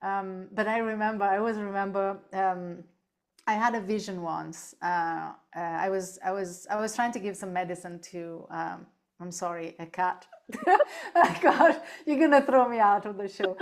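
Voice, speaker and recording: A woman speaking as a podcast guest on animal end-of-life care, telling lively stories, laughing easily and often checking in with "right?". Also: medium pitch, moderate pace. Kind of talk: casual interview chat.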